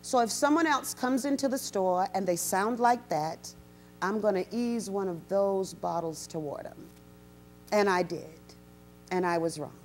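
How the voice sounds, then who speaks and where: Woman, storyteller, lecture talk, animated, mid pitch, acts out quotes. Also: measured pace, a little hiss or hum. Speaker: storyteller and guest speaker. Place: university event, in front of an audience.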